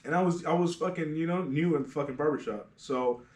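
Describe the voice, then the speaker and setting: A man who works as a barber, telling shop stories on a casual podcast in a profane, animated way and calling everyone "fool". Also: a little high, brisk. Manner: profane, animated storyteller, says "fool" constantly. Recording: echoey room.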